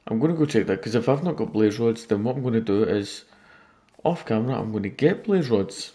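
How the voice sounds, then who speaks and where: A man's voice: lowish voice, animated, brisk, dark tone. A man casually commenting on his gameplay late at night, rambling and joking with viewers. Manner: rambling, jokey, talking to viewers. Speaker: gaming YouTuber.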